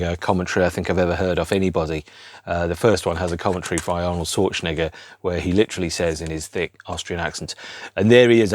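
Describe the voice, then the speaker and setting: Wry man with a very low voice. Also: no room sound, studio quality. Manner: rambling, wry, self-deprecating. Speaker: podcast host. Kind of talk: unscripted solo podcast chat.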